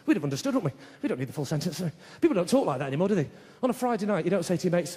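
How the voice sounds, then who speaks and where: Lively high-voiced stand-up man. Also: very fast, hardly any pauses. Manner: chatty, punctuates jokes with tag questions. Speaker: stand-up comedian. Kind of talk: stand-up comedy routine. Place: theatre stage before an audience. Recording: long hall reverb, faint noise.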